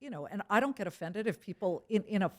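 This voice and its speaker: Speaking fast in a mid-range voice, a middle-aged woman who anchors TV news chats casually as an interview guest. She's frank and emphatic, telling stories with plenty of animation.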